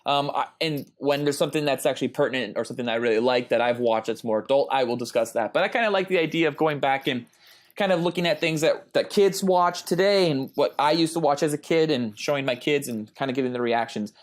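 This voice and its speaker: A man in his thirties co-hosting a casual podcast, telling a long story in a rambling way with lots of ums and uhs. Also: mid-range voice. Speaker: podcast co-host.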